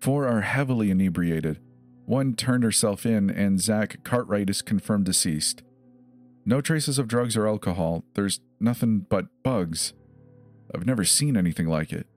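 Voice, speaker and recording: A man voicing a female officer giving a brisk, factual report in a scary story. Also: fairly low pitch, animated, darkish tone, soft background music, pitched above the performer's own voice. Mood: clinical.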